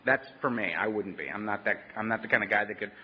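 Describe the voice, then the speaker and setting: A man's voice: fairly low pitch, quick pace. A man speaking at a recovery meeting, telling his story conversationally with wry humor and frequent "right?". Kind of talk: personal recovery talk to a meeting. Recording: dull lo-fi sound in a reverberant hall.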